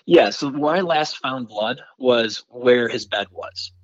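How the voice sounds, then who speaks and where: A podcast guest from Michigan, excited and rambling, tells a long casual story at a slow pace, peppering it with "like" and "you know." His pitch is everyday, and the audio is dull, lo-fi and very dry with no room sound.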